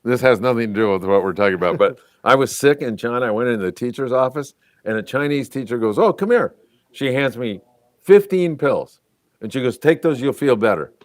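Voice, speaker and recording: A brisk, mid-range male voice with no room sound belongs to a host in his sixties. On his casual fishing talk show, he tells jokey stories and reads viewer comments aloud.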